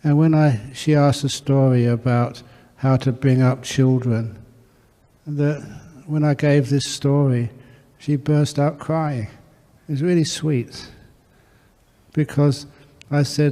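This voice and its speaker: A man's voice: medium pitch, steady tone, slow, warm tone. Man telling stories in an echoey hall. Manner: storytelling, earnest. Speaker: Buddhist monk teacher. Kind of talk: dharma talk answering questions.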